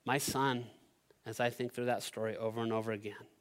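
A middle-aged male pastor with a medium-pitched voice tells a personal story from the pulpit. His delivery is animated and conversational, with a relaxed storytelling flow. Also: a little fast. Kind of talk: sermon storytelling.

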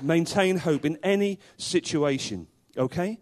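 An earnest male preacher delivering a sermon, leaning hard on repeated words and short emphatic phrases. His voice sits a little higher than most men's. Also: takes it slowly, few pauses.

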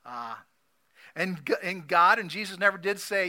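A man preaching a sermon, repeating key phrases emphatically and swinging between loud declarations and soft asides. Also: high voice, animated, moderate pace. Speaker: pastor.

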